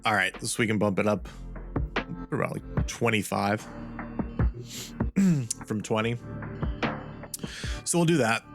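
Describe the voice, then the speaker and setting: Male streamer, casual rambling live chat, unhurried delivery, music playing underneath. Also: fairly low pitch, lively intonation. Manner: chatty, rambling, talks to chat. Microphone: studio mic.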